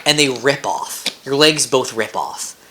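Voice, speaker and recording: A bright, sharp voice at an everyday middle pitch tells a game's story in casual podcast chat. The delivery is blunt and excitable, with firm certainty about how things end. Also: a little slow, a little hiss or hum. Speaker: podcast co-host. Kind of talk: casual chat recapping a game.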